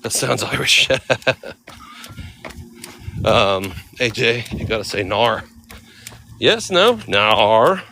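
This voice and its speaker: A man's voice: medium pitch, big pitch swings, slow pace, creaky, pauses often, pushed and bright, a little hiss or hum. A man live-streaming outdoors on seaside cliffs into a handheld phone, chatting casually and reading out viewer names to thank them. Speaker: livestreamer.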